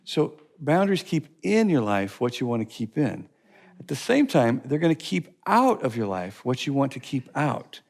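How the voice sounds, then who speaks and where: Gravelly man teaching a class. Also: medium pitch, big pitch swings, normal speed, darkish tone. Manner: emphatic, repetitive, storytelling. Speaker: teacher of a life-skills course.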